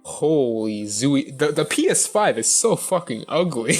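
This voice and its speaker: A man's voice: mid-range voice, very animated, a little slow, soft background music. A man co-hosting a gaming podcast, talking casually and stumbling over repeated words. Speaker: podcast co-host. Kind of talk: casual chat.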